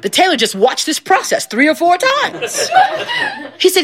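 A middle-aged woman telling a folktale aloud, expressive and laughing often as she narrates. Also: very high-pitched, moderate pace, over a noisy crowd. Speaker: storyteller. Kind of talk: animated oral folktale telling.

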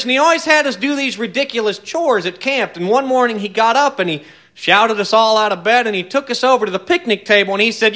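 Guy spinning a tall tale, high bright voice, folksy and wry. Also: expressive, fast talker. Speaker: storyteller.

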